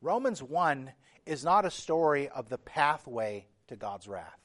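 A man's voice: mid-range voice, big pitch swings, a little slow, a bit bright. A man preaching a sermon as pastor, earnest and emphatic, reading scripture aloud with feeling. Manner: earnest preaching, building emphasis with repeated phrases.

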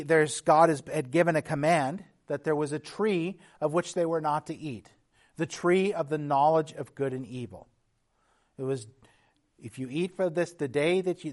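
A man preaching a sermon as a pastor, teaching in an earnest tone, with restarts and occasional throat clearing. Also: a little high.

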